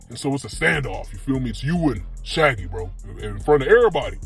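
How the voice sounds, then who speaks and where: A man's voice: mid-range voice, animated, fast talker, few pauses, faint music behind. A man telling a comic street story in a loose, slangy way, laughing as he goes. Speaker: comedian telling a skit.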